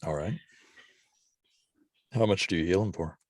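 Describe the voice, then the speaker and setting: A male game master narrates a tabletop scene at a very slow, deliberate pace, chuckling now and then. His voice sits low and the sound is dry and close. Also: no room sound. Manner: unhurried descriptive narration, chuckling.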